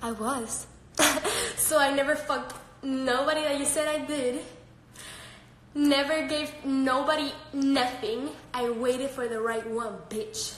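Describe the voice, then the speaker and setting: Brash high-voiced woman in an echoey room. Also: fairly even intonation, takes it slowly, a bit bright, slight background noise. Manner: brash, profane and laughing. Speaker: live-stream host. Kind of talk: casual live-stream chat. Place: home with her dogs. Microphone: phone.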